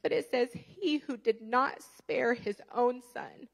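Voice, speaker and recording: A woman, preaching a sermon as a guest speaker and telling stories with lively rhetorical questions to the congregation. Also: a little high, takes it slowly, vocal fry.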